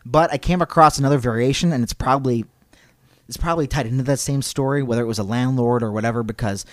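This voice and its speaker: A man hosting a storytelling podcast, casual and digressive, who stops now and then to read quotes aloud. His voice sits at a middle pitch, recorded close and dry with no room sound. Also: quick pace, dry recording. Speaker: podcast host.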